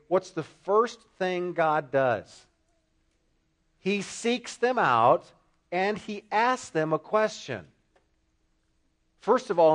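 A man preaching an expository sermon, asking the congregation rhetorical questions and repeating phrases for emphasis. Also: on the high side.

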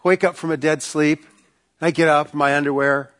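A man preaching a sermon, telling a personal story with animated bursts, quiet asides and rhetorical questions to the congregation. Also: a little high, normal speed. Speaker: pastor.

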